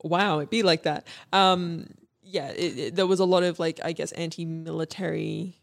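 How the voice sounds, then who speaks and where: Young woman podcast host, low-pitched and gravelly, hesitant and rambling. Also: steady tone, moderate pace. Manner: hesitant, many ums and restarts. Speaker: podcast co-host presenting history. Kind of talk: casual history podcast chat.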